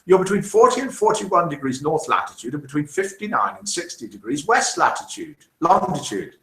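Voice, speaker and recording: A man's voice: fairly high pitch, big pitch swings, brisk, pushed and bright, slight background noise. A man voicing a precise, matter-of-fact woman engineer in a told joke. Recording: roomy echo.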